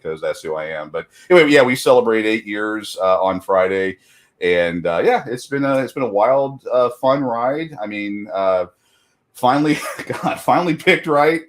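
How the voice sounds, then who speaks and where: A man's voice: fairly low pitch, lively intonation, normal speed. A middle-aged man in casual chat as a guest, talking loosely with many fillers and frequent laughs.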